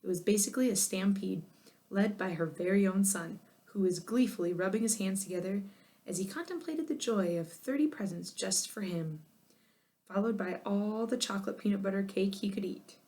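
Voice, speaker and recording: Expressive female narrator for a children's chapter book, lively delivery. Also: medium pitch, normal speed. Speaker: audiobook narrator. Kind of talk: children's storybook reading.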